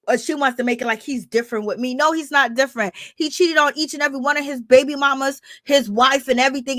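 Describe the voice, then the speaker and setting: Woman, high voice, gossipy reality-show recap, dry close mic. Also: no echo. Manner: animated, gossipy, acts out quotes in shrill crying voices. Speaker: reality TV commentator. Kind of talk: casual recap commentary.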